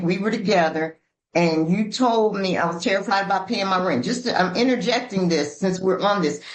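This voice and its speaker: Animated woman from Georgia, echoey room. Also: mid-range voice. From Georgia, USA. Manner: animated, folksy, emphatic with repeated "bam". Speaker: recovery podcast co-host. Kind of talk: heartfelt conversational sharing.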